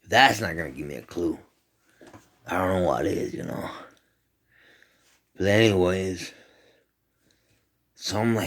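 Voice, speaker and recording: A man casually retelling a strange dream in an animated, rambling, profane way. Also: low voice, unhurried, vocal fry, pauses often, slightly rough. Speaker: storyteller.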